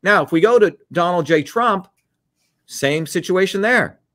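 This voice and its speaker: A man hosting a heated political monologue, scornful and combative, breaking off to give quick instructions to a producer. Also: high-pitched, animated, a bit bright. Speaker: political host.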